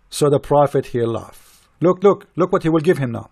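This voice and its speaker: Indignant, mocking man, slightly high voice. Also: fairly quick, darkish tone, dry recording, clean studio sound. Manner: indignant and mocking, with repeated rhetorical questions; non-native English grammar. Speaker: religious critic. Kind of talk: heated polemical monologue.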